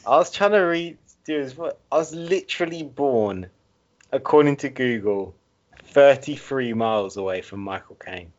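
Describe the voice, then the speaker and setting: A man's voice: medium pitch, lively intonation, moderate pace, highs cut off. A man ranting and joking in casual podcast banter, swearing often and laughing a lot. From England. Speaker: podcast co-host.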